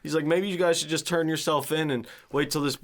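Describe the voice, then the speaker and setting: A man's voice: on the high side, fairly even intonation, brisk. A man co-hosting a podcast in casual chat, easygoing and asking joking questions. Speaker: podcast co-host.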